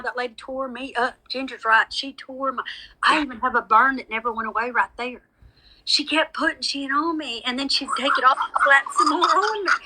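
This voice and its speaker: A woman's voice: high-pitched, heavy background noise. A woman chatting casually, telling a rambling, colorful story with plenty of cursing and laughs. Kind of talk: casual chat.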